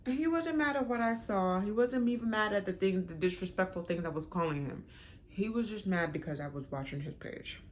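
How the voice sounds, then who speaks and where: A young woman casually telling a storytime vlog about her relationship, animated and dramatic, with sudden high jumps when she acts out arguments. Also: a little fast, slight background noise. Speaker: vlogger.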